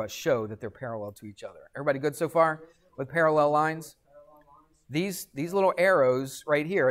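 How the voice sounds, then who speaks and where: A middle-aged man teaching math to a classroom, asking the students questions and answering them himself, with jokey asides. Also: mid-range voice. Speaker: high school math teacher. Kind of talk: classroom lecture.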